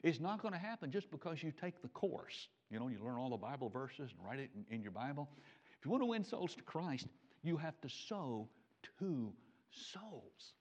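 Male preacher, sermon delivery, higher voice that swoops widely, muffled lo-fi recording. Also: moderate pace. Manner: animated, swings from loud emphatic peaks to low quiet asides. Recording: dull lo-fi recording.

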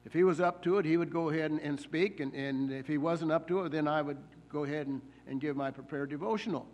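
A man preaching a sermon in church, slowing down to stress the scripture he quotes and often pausing with fillers and repeated words. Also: a little high, a little mellow, muffled recording.

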